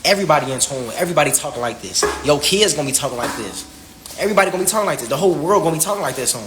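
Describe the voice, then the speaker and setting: Fast-talking preachy young man ranting. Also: on the high side, animated, fairly bright tone, a little hiss or hum, rough recording. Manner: repetitive, preachy, slangy, asks "you feel me". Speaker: vlogger. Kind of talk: spiritual rant.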